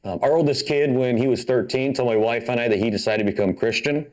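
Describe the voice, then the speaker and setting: A man's voice: medium pitch, fast, a little mellow. A man in his forties doing a stand-up set about family life, talking in a sheepish, hedging way full of fillers. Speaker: stand-up comedian.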